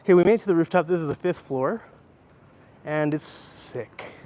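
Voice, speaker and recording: A man's voice: fairly high pitch, moderate pace, a little mellow, a little hiss or hum. A man in his thirties, live-streaming from a handheld phone while walking, chatting casually and rambling as he answers viewers' questions. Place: indoor library, then outdoor rooftop.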